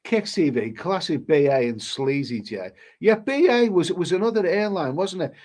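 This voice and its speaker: A travel vlogger with a sniffly cold chats his way through viewer comments on a live stream. His voice sits a little high for a man, and he rambles, restarting his sentences as he goes. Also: animated, normal speed, darkish tone. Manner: rambling, chatty, many restarts. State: stuffy with a cold. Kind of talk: casual live-stream chat.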